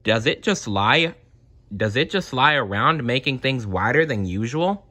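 A man's voice: medium pitch, lively intonation, unhurried, sharp tone, voice pushed up. A man voicing a curious, naive toy in a storybook reading, sounding puzzled.

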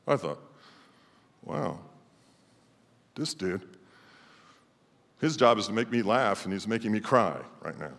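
A middle-aged male pastor preaching a sermon emphatically, swinging between loud declarations and quiet asides. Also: lowish voice, big pitch swings, takes it slowly, long pauses. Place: church sanctuary. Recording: long church hall reverb.

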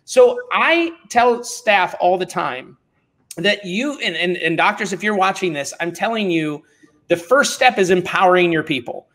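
A middle-aged man talking as a podcast guest, telling stories in a blunt, animated, informal way. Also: high voice, a little slow. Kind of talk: casual conversational storytelling.

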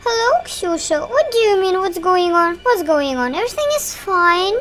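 Woman doing a vampire girl puppet, sly, smug, teasing, very high voice, coy. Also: sing-song, normal speed, a bit bright, soft background music, full character voice. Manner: coy, evasive, taunting.

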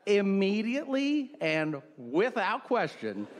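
Animated comedian with a lively voice. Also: male voice, high voice, slow pace. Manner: profane storytelling that acts out others in shifted voices. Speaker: stand-up comedian. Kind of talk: stand-up comedy routine. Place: comedy stage before a live audience.

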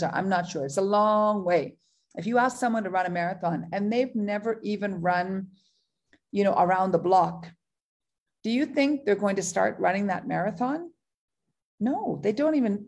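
A woman's voice: mid-range voice, darkish tone. A middle-aged woman giving a motivational business training talk, enthusiastic and repeating phrases for emphasis. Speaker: network marketing trainer.

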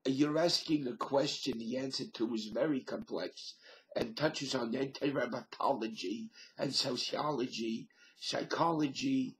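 A man talking slowly into his webcam at home, musing and thinking aloud with many pauses and fillers. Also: mid-range voice. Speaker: vlogger. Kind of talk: rambling solo webcam monologue.

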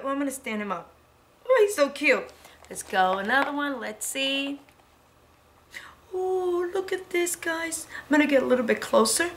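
A preschool teacher, a woman, talking brightly to little children in a cheerful sing-song. Her voice sits a little high and has a bright, clear edge. There is a faint hiss behind her. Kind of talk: lively lesson for young children.

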